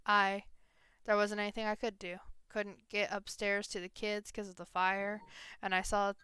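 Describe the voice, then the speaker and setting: A woman voicing a tough, grieving frontier woman who talks quietly in rough folksy grammar. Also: medium pitch, level tone, moderate pace, no echo, close to an everyday voice. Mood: bitter.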